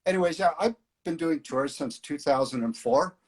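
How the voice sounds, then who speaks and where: A man's voice: fairly high pitch, moderate pace. A middle-aged man organizing flying tours, chatting casually in an interview with many fillers. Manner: relaxed storyteller, hesitant fillers.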